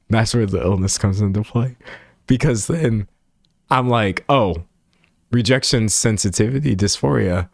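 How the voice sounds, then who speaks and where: A man's voice: fairly low pitch, a little slow, creaky, long pauses, dry recording, clean studio sound. A young man live streaming, chatting casually as he reacts to viewer comments, rambling and self-mocking, with frequent laughter.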